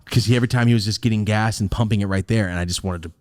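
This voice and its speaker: A young man on a podcast telling a story about his youth, swearing a lot and laughing often, swinging from loud excited outbursts to quiet mutters. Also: fairly low pitch, rapid-fire, no echo, studio quality. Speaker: podcast co-host. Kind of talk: animated storytelling.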